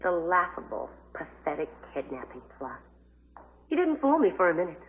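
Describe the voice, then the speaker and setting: A woman's voice: fairly low pitch, big pitch swings, normal speed, a little hiss or hum, poor audio. An actress playing a spiteful, scheming woman in a 1980s TV soap, sneering and taunting.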